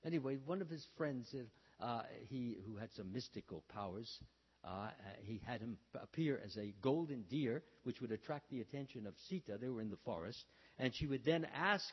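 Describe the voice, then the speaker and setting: A man giving a storytelling sermon, talking haltingly with many fillers and restarts, and acting out the lines he quotes. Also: medium pitch, slightly rough. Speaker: religious speaker. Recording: dull, reverberant hall sound.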